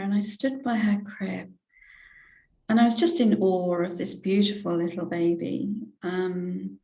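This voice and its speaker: A woman in her sixties with an English accent, a reverend recounting a spiritual experience as an interview guest, hesitant and heartfelt, with many pauses and restarts. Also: medium pitch, vocal fry, warm tone. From England. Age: 60s. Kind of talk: personal spiritual testimony in an interview. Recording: roomy echo.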